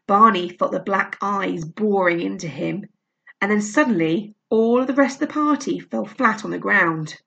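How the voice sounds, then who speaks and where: A woman reading a children's novel aloud, with a lively, expressive delivery. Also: mid-range voice, moderate pace, vocal fry, dull audio. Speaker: storyteller.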